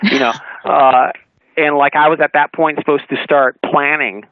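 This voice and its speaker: A man, an author guest on a radio talk show, telling an anecdote in a lively way, acting out dialogue and laughing often. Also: on the high side, normal speed, no echo. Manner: animated storyteller, acts out dialogue, laughs often. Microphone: phone call-in. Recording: narrowband phone line, dry.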